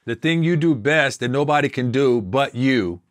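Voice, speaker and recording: A man's voice: medium pitch, expressive, normal speed, no room sound, studio quality. A man as an interview guest, telling a personal story with emotion and now and then singing a snatch of a song. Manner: emotional, sings snatches of a song while recounting.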